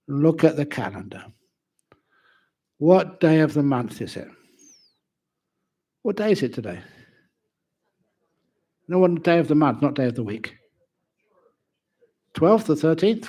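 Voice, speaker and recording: Monk guy telling funny stories in a talk, lively, kinda high voice. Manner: animated storytelling, laughs at own jokes. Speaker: Buddhist monk teacher. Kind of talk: humorous dharma talk. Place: university lecture venue.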